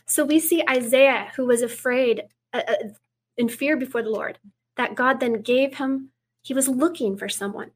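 A woman guest speaking earnestly in an interview, reading scripture aloud and dropping to a hush for quoted words. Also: high-pitched, moderate pace. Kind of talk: preaching in an interview.

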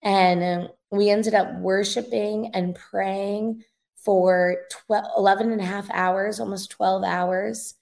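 A young woman guest with a gravelly, slightly fried texture, her pitch sitting in an ordinary middle range. She talks through an earnest, emotional testimony in a loose conversational way, as a revivalist minister being interviewed. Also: steady tone, slow, darkish tone.

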